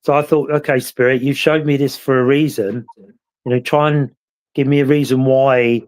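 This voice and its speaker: A man's voice: mid-range voice, level tone, normal speed, a little mellow. A man with a British accent, hosting a casual chat and telling stories in a rambling, reflective way. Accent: British English. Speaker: host.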